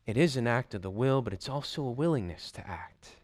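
A man preaching a sermon, emphatic and deliberate, stressing points by repeating short phrases. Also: mid-range voice, animated, no room sound, clean studio sound. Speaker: pastor.

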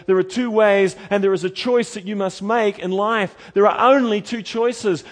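Impassioned male preacher, swelling and dropping. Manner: dramatic preaching, swelling loud then dropping low. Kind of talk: sermon.

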